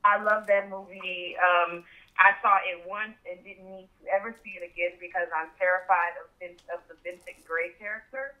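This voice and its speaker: A woman's voice: lowish voice, steady tone, moderate pace. Woman, podcast guest, opinionated, thoughtful, phone-line audio. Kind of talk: casual chat.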